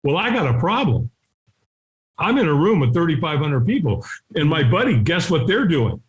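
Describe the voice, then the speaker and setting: A middle-aged man telling a story as a podcast guest. His talk is punchy and animated, he often ends sentences with "right?", and he acts out the people in his story with quick shifts of voice. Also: on the high side, rough recording. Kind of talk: storytelling in a conversational interview.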